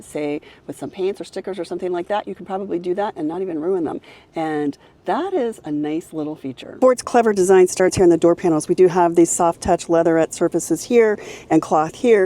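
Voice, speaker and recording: A woman's voice: lowish voice, warm tone. A woman reviewing a car, walking through its features one by one in an upbeat, casual way. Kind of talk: casual car interior walkthrough.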